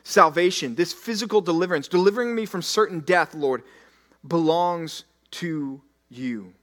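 A man pastor preaching a sermon, acting out scripture in the first person and swinging from loud declaiming to hushed, slow emphasis. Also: a little high.

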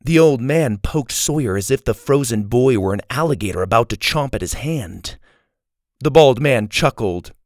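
A man narrating a children's adventure story in an animated, expressive way. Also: mid-range voice, normal speed, no echo, studio quality.

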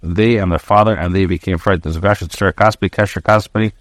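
A man, a rabbi, giving a daily class, reading Hebrew phrases aloud and translating and explaining them line by line with frequent pauses. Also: sits low, steady tone, no echo, studio quality.

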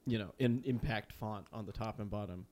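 A man's voice: lowish voice, fairly quick, darkish tone, slight background noise. Male podcast co-host, crude and joking, loose and rambling delivery. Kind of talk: casual chat. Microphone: studio mic with headphones.

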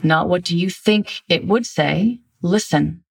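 A woman giving blunt, emphatic self-help coaching in a somewhat low voice. She sits back a bit from the microphone, so her voice sounds slightly distant. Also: measured pace, creaky, slightly rough. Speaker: relationship coach. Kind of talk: instructional self-help talk.

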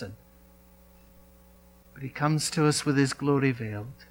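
A male pastor delivering a sermon, speaking in emphatic phrases with dramatic pauses and repetition. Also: fairly high pitch, animated.

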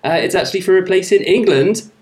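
A man's voice: high-pitched, quick pace, a little mellow, voice pushed up, lightly acted. A man putting on an exaggerated Somerset accent as a jolly rural West Country man, with a playful sing-song delivery. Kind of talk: podcast banter.

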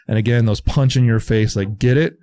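A man in his thirties co-hosting a casual movie review podcast, talking in an animated, profane way and mocking studio thinking. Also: fairly low pitch, fairly quick. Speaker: podcast co-host.

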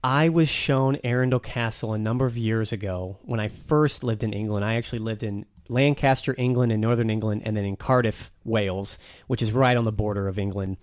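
A man's voice: fairly low pitch, brisk, no echo, clean studio sound. A man talking casually and enthusiastically as a guest on a podcast, telling stories with some restarts.

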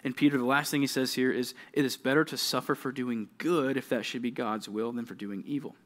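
A young adult man preaching a sermon to junior high students, animated, often acting out quoted kids and checking in with "right?" and "okay?". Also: a little fast. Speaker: youth pastor.

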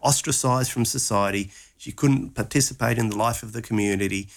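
A man's voice: mid-range voice, fairly quick, creaky. A man retelling a Gospel story conversationally, acting out its lines with animation.

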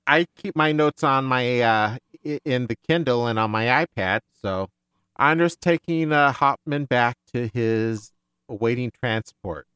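A man hosting a casual book discussion podcast, animated and tripping over his words. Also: medium pitch, a little slow, smooth, no room sound. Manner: animated, stumbling restarts. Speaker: podcast host.

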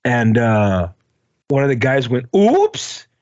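Podcast co-host, husky man with a lively sing-song delivery, chatty and profane. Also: a little high, normal speed, highs cut off. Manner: rambling, swears, laughs at own story. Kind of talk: casual storytelling chat.

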